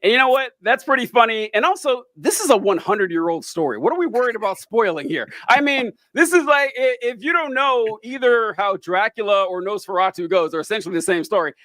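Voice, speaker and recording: A man's voice: high voice, animated, fairly quick, hardly any pauses, pushed and bright, no echo. A young man co-hosting a podcast, chatting casually and wryly about a movie, rambling and interrupting himself. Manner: rambling, self-interrupting, wry. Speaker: podcast co-host. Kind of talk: casual movie review chat.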